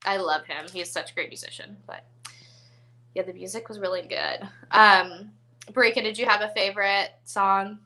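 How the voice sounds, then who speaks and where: Bright, chatty woman hosting a movie chat. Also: mid-range voice, lively intonation, normal speed, rough recording. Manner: chatty, giggly, filler-heavy. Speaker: host.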